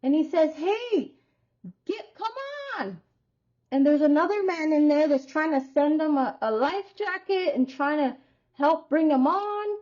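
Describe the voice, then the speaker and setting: Woman with a high voice doing a chatty tarot reading, slow and rambly, kinda muffled audio. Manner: chatty, rambling, expressive storytelling. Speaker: tarot reader. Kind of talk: casual tarot reading to viewers.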